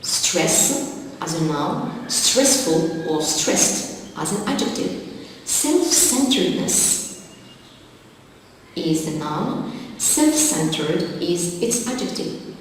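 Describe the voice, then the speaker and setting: A woman teaching an English exam-prep lesson, going through word lists slowly and methodically. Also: lowish voice, expressive, a little hiss or hum. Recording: echoey hall, distant mic.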